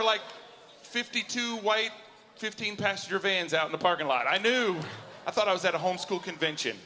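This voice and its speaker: Stand-up guy in his forties, high bright voice, lots of hall echo, chatty and self-mocking. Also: slight background noise. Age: 40s. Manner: chatty, self-mocking, keeps asking the crowd "you know what I'm saying?". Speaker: stand-up comedian. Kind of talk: stand-up comedy set. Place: large auditorium at a live show. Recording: hall reverb from a live venue.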